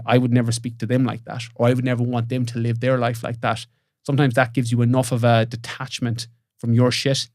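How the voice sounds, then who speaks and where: A man's voice: mid-range voice, a little mellow, no echo, clean studio sound. A man speaking as a podcast guest, reflecting thoughtfully and giving advice. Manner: thoughtful, advising. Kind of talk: reflective conversation.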